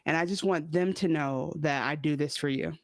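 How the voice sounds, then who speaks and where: A co-host of a casual TV recap podcast, joking quickly and dropping pop-culture references. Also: mid-range voice, no echo, studio quality.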